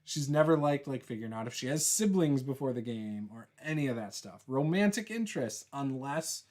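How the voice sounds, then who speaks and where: A man hosting a casual chat as game master, reading out viewer comments in a relaxed, teasing and rambling way. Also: medium pitch, brisk.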